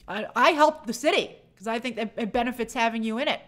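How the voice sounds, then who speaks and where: Slightly high, fairly bright and quick, this woman's voice carries a relaxed live-stream chat. As a movie channel host, she reads viewer questions aloud and gives talkative, opinionated replies.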